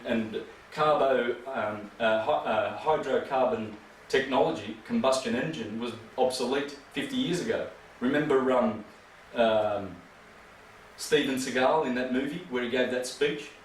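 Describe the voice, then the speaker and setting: A man giving a rambling, emphatic lecture full of rhetorical questions. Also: medium pitch. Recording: echoey room from far off, faint noise.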